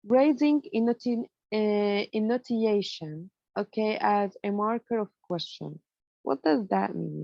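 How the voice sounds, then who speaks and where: In this explanatory lecture, a woman with a gravelly, mellow mid-range voice teaches English grammar one step at a time. She leans on "you know" and keeps asking "okay?" to make sure students are with her. The audio is muffled but echo-free.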